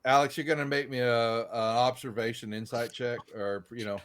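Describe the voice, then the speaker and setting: A man's voice: mid-range voice, fairly even intonation, normal speed. A man, running a tabletop game in loose, rambling narration. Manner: loose, rambling, full of fillers and restarts. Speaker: game master.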